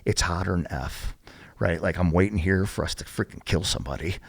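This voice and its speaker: Man, retired Marine guest, lowish voice, casual storytelling, profane, animated. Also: brisk, slightly rough.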